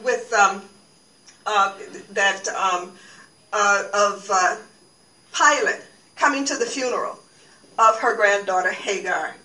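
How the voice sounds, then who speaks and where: Bright-voiced woman lecturing in an echoey hall. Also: mid-range voice. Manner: halting, many fillers and restarts. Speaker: university teacher. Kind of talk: lecture with reading aloud from a novel. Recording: echoey room, far from the mic.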